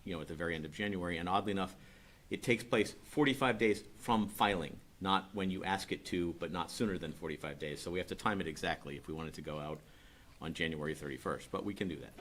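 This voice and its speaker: A middle-aged man with a very low, deep voice lays out a utility rate request at a public board meeting. He talks briskly and conversationally, explaining each point plainly. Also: fairly bright tone.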